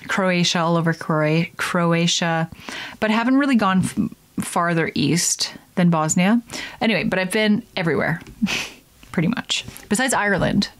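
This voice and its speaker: Chatty woman podcast host. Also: lowish voice. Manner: chatty, animated, acts out silly voices in quotes. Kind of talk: casual solo podcast chat.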